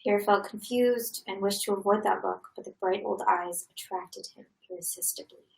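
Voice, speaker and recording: A woman reading a novel aloud in a steady, even manner. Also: medium pitch, normal speed, vocal fry. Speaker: reader. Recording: roomy echo.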